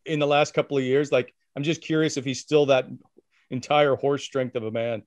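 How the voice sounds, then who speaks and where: A male podcast co-host asking curious questions casually, chuckling and pausing with "uh". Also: mid-range voice, fairly even intonation, no room sound. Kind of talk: casual interview chat.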